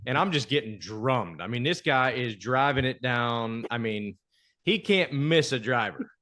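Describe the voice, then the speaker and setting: A man's voice: mid-range voice, a little slow. A man hosting a podcast, telling golf stories animatedly and asking guests questions. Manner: animated anecdote telling, soft-spoken when asking questions. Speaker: podcast host. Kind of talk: casual storytelling and interviewing.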